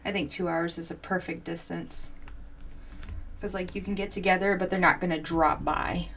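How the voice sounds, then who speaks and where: A woman's voice: fairly low pitch, fairly even intonation, moderate pace, vocal fry, a bit bright, slight background noise. A woman in her forties hosting a crafting livestream, chatting casually and giggling as she answers viewers' comments while she works. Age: 40s.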